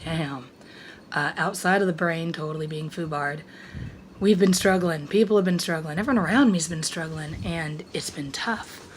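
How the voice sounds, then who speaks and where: A woman's voice: sits low, normal speed, a little hiss or hum. A middle-aged woman talking candidly to her vlog audience, short of breath and with a worn voice, swearing freely and trailing off mid-thought. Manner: frank and confiding, swears freely, trails off and restarts. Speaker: vlogger.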